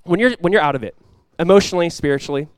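A man's voice: a little high, very fast, clear, resonant tone, no echo. A man preaching a sermon as pastor, talking casually with the congregation and rising into emphatic bursts.

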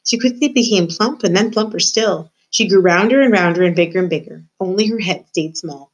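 A woman teacher reading a novel aloud to her students, expressive and addressing the reader directly. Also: mid-range voice, a little fast, rough recording. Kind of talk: read-aloud storytelling.

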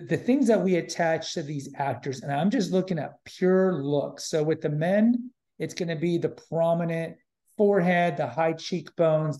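A man's voice: fairly high pitch, warm tone. A man hosting a podcast in casual chat, opinionated and emphatic, often repeating himself. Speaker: podcast host.

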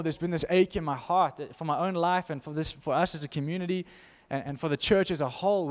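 A man preaching a sermon to his church, impassioned, swinging from loud to hushed. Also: high voice. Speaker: pastor. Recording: long hall reverb.

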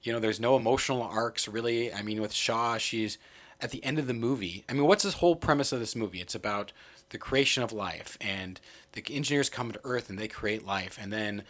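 A man co-hosting a casual movie podcast, talking animatedly with lots of fillers and acted-out quotes. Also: fairly quick. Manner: animated, many "like" fillers, acts out quotes in jumps of pitch. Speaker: podcast co-host.

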